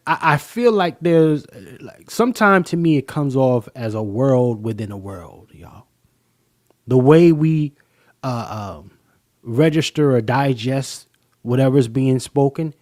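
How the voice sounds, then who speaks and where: A man hosting a live-stream talk show, talking straight to his viewers in an animated, profane, casual way. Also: a little high, no echo, clean studio sound.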